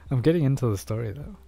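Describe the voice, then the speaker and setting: A man reading a story aloud to his stream chat in a soft-spoken, unhurried way on a close mic. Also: mid-range voice, lively intonation, creaky, husky, no room sound.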